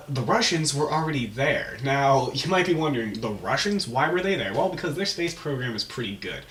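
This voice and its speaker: A man's voice: medium pitch, fairly bright tone. Guy rambling thru a made-up story, laughs at himself, echoey room, mic kinda far off. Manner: rambling, chuckling, self-mocking. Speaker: host. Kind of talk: improvised comic storytelling vlog. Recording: roomy, distant mic, faint hum.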